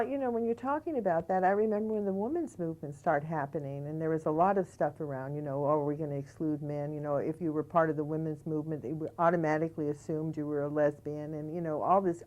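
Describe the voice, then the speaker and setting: A woman's voice: lowish voice, darkish tone. A middle-aged American woman hosting a community TV talk show, chatting emphatically with her guest. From United States. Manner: conversational, emphatic, many "you know"s. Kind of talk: studio talk show conversation. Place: community TV studio.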